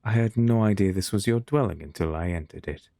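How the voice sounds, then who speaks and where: A man's voice: low-pitched, vocal fry, mellow, no echo. A man voicing an aloof, haunted female alien seer from a video game, speaking formally. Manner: formal, measured speech. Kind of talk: reading game dialogue aloud.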